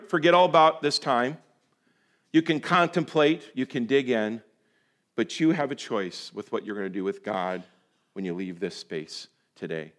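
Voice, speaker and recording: A male pastor giving a sermon, folksy and direct, swinging between loud emphatic bursts and quiet, slow, drawn-out phrases. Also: mid-range voice. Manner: folksy, addresses listeners as folks.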